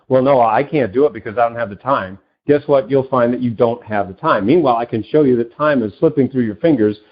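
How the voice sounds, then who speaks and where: Guy on a podcast telling coaching stories, animated, does little voices for people he quotes, slightly dull audio. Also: mid-range voice. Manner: loose, with many "you know" fillers. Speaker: podcast guest, success coach and author. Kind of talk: conversational interview storytelling.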